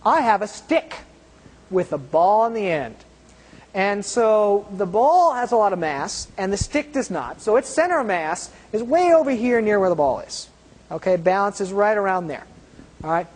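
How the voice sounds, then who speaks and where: A woman's voice: mid-range voice, expressive, moderate pace, a little mellow. Woman teacher, mid-range voice, demonstrating in a big echoey room, checks in with "okay?". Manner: explains while doing hands-on demonstrations, often checking in with "okay?". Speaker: science teacher. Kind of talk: classroom demonstration lecture. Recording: long reverb of a large room.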